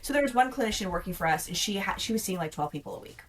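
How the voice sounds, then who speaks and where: A woman's voice: mid-range voice, animated, very fast, far from the mic, a little hiss or hum. Blunt woman telling a story off-mic. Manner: blunt, storytelling, frequent "like" and "yep". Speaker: podcast co-host, veteran. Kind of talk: casual chat.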